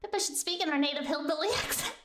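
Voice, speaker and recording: Woman host, casual stream chat, high and bouncy, playful and giggly, roomy echo. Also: very fast, a bit bright.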